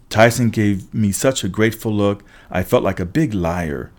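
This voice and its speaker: A man reading a first-person story aloud as an audiobook narrator, steady with wry asides. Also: lowish voice, normal speed.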